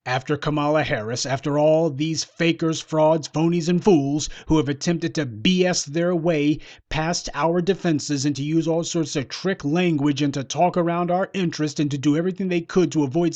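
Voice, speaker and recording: A man's voice: on the high side, no echo, muffled recording. A man giving a solo political commentary monologue, scornful and mocking, lecturing his listeners.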